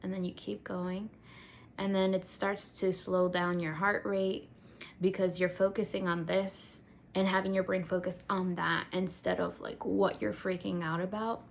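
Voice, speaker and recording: A woman's voice: on the low side, level tone, a little slow, creaky, slight background noise. A young adult woman speaking in a casual faith vlog, telling a personal story in a conversational way with lots of filler words. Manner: conversational, many "like" fillers, acts out quotes. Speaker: faith vlogger.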